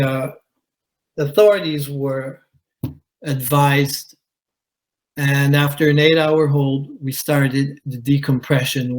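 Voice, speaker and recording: A man, a commercial diver, telling his own story at a conference in a measured way, with pauses. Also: mid-range voice, rough recording. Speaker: commercial diver giving a talk. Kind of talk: conference presentation, personal account. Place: conference hall.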